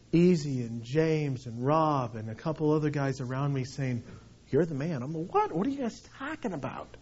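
A middle-aged man, a senior pastor, preaching a sermon in a conversational, animated storytelling way with frequent restarts. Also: on the high side, breathy edge. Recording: dull lo-fi sound.

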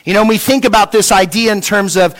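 High-voiced preacher swinging loud to hushed. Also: male voice, fast talker. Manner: rhetorical questions, swings from loud to hushed, repeats words. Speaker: pastor. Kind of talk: sermon.

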